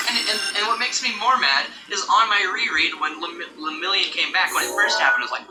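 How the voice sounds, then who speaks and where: Animated ranting man, echoey and distant. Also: high voice, brisk. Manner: animated, exasperated ranting with laughs. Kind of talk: casual chat. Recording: echoey room, distant mic, music behind.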